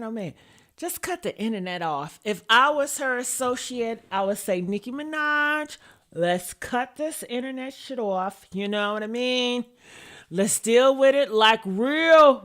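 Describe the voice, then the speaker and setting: High bright-voiced woman spilling celeb gossip, sassy and cussing, aave, slow unhurried delivery. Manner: sassy, profane, dramatic, reads posts aloud and reacts. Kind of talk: casual gossip commentary.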